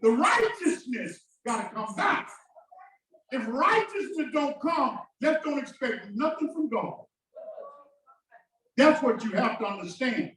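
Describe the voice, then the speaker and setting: Impassioned preacher in an echoing church. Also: male voice, extremely high pitch, very animated, slow. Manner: call-and-response preaching, shouting bursts and sudden drops. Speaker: pastor. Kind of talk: sermon. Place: church sanctuary. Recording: very echoey church from a distance.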